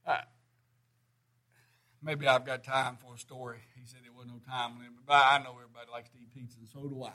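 A man's voice: medium pitch, level tone, brisk, sharp tone. A middle-aged man preaching a sermon, folksy and plainspoken, rising to emphatic bursts.

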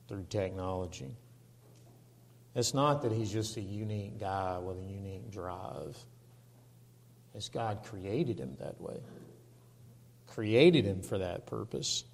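A man preaching a sermon and reading scripture aloud, slow and emphatic. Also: fairly low pitch, vocal fry. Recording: long reverb of a large hall.

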